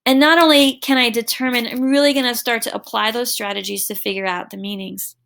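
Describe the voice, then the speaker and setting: A woman's voice: on the high side, fairly even intonation, fairly quick, creaky, fairly bright tone. A woman teacher recording an online lesson for her students, talking in an encouraging, affectionate way and checking in with "right?" and "okay?".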